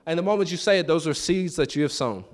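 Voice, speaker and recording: A man preaching a sermon in church, telling stories with acted-out quotes and repeated phrases. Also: quick pace. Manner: animated, pitch jumps high for quoted voices. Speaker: pastor.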